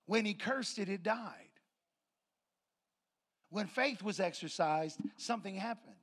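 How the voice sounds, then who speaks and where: A man's voice: sits high, measured pace, a bit bright. A man preaching a sermon to his congregation, telling a story and acting out voices and laughter. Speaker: pastor. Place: church sanctuary with congregation.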